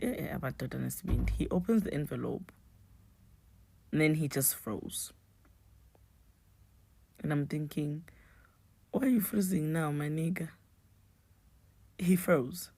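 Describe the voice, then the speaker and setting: Low, gravelly woman. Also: no room sound. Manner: hushed, often half-whispered delivery; mixes English with Nguni words. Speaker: storyteller vlogger. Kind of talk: personal storytime.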